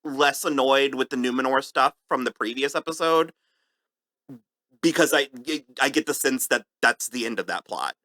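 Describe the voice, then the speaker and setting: A man co-hosting a podcast, chatting casually in a review, halting and laughing often. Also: medium pitch, pushed and bright. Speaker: podcast co-host.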